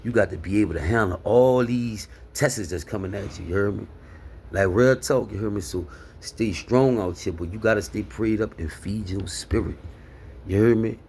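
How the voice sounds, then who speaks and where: Earnest low-voiced man preaching casually. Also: moderate pace, a little mellow, slight background noise. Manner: repeats "you hear me" constantly, street slang, earnest. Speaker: preacher giving life advice. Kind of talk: casual spoken sermon monologue.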